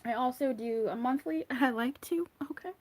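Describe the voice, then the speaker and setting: A woman's voice: sits high, moderate pace, darkish tone. A woman giving a casual monthly tarot reading, chatty and rambling, wandering off on tangents and restarting her sentences. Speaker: tarot card reader.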